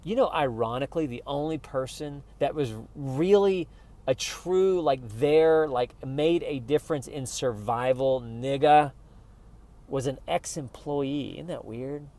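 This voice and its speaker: A man's voice: fairly high pitch, measured pace, dark tone. A man ranting casually to camera in a profane, rambling, frustrated way, with music playing faintly behind him. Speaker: vlogger.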